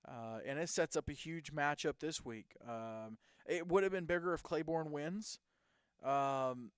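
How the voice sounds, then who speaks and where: Smooth-voiced man talking football. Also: fairly high pitch, unhurried, no room sound, clean studio sound. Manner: rambling, reads off game stats. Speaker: host. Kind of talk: casual sports talk.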